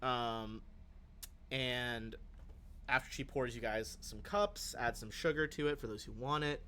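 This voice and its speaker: A man's voice: medium pitch, measured pace, pushed and bright, slight background noise. A man running a live-streamed tabletop game as game master, talking loosely with many fillers while thinking aloud.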